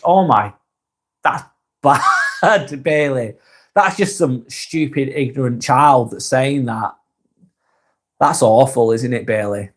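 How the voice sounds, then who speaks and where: A man hosting a live stream, reading viewers' comments aloud and chatting back in a relaxed, easygoing way. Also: mid-range voice, a little slow. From England. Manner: laid-back, chatty, trails off softly at phrase ends.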